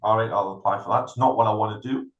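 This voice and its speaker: A man's voice: on the low side, fast talker, lo-fi sound. A middle-aged man, a veteran co-hosting a podcast, telling a story in a casual chat and acting out the other people in it. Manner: animated anecdote-telling, acts out other people's lines. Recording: roomy echo.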